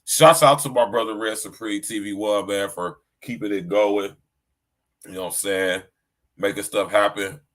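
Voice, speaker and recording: A man's voice: on the low side, steady tone, normal speed, a bit bright. A middle-aged man hosting a podcast livestream in a casual, slangy chat style, often saying "you know what I'm saying.". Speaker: podcast host.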